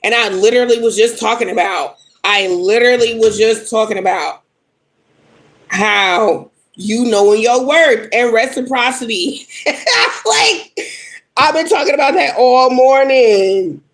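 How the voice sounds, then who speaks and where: A woman's voice: a little high, animated, a little slow, low-quality recording. A young adult woman reading tarot on a casual livestream, upset and venting bluntly with lots of swearing at commenters. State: upset and angry. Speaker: live tarot reader.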